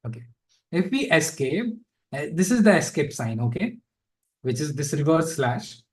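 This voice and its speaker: A man's voice: a little high, sing-song, normal speed, rough recording. A man giving a casual live coding lesson, thinking aloud with fillers and asides. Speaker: programming instructor.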